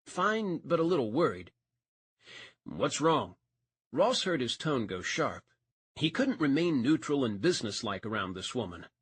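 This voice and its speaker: A man's voice: mid-range voice, big pitch swings, moderate pace, slightly rough, dry recording. A man narrating a romance audiobook, reading expressively and changing voice for each character.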